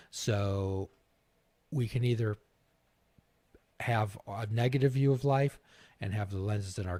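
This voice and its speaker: A man's voice: on the low side, warm tone, dry recording. A man hosting a talk show, making his points with homespun anecdotes in a conversational way. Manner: folksy, illustrates points with anecdotes. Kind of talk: conversational interview, storytelling.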